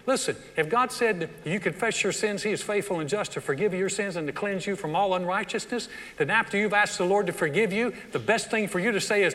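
A middle-aged man preaching a sermon as pastor, animated and acting out the voices of churchgoers. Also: high voice, brisk. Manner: animated preaching that acts out quoted voices of the congregation. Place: large church hall. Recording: long hall reverb.

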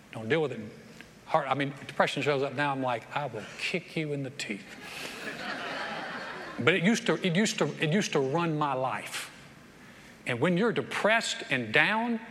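A man delivers an animated sermon in a bright, somewhat high voice. He stumbles and restarts often as he tells his stories. The sound carries a long church-hall reverb over faint background noise. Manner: animated storytelling with repeated restarts. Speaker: pastor. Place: church sanctuary.

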